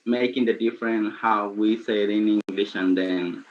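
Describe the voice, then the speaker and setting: Low-voiced male student on dull lo-fi audio. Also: fairly even intonation, moderate pace. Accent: Spanish. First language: Spanish. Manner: hesitant, searching for words.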